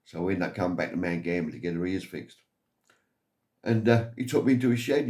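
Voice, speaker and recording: Rambling English storyteller, a man with a lowish voice, casual vlog anecdotes. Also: brisk, dark tone. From England. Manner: rambling, chuckles at his own stories. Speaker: vlogger.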